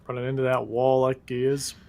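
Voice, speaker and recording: A man's voice: mid-range voice, completely flat delivery, brisk, vocal fry, mellow, slight background noise. A man co-hosting a let's play show, chatting casually with wry, rambling stories. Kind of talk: casual gaming chat.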